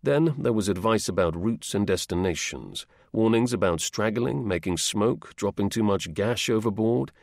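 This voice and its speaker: A man reading a history audiobook in a measured, steady narrating voice. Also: on the low side, vocal fry, dry recording, clean studio sound. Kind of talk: scripted narration.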